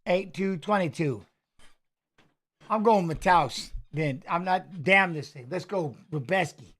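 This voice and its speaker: Hosting a fight watch-along, this man rambles casually, muttering asides and reeling off stats at speed. His voice is high and a bit bright.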